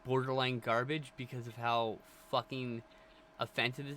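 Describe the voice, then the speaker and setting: A man co-hosting a relaxed movie chat, his voice bright and a little sharp. He talks in an animated, opinionated way and tends to rant. There is a faint noise floor behind him. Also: mid-range voice, normal speed. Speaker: podcast co-host.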